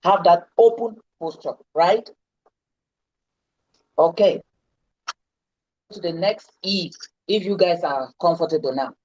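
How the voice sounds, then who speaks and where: A woman's voice: fairly low pitch, slow pace, long pauses, a little mellow, no echo, highs cut off. A woman coaching public speaking in a live online lesson, stressing and repeating her key words. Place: indoors, seated.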